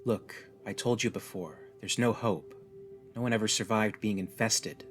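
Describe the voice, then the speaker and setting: A man's voice: lowish voice, fairly even intonation, moderate pace, soft background music, close to an everyday voice. A man voicing a tough, jaded young woman stranded on an alien world, speaking bluntly and wearily. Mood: tense. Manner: blunt, weary, resigned.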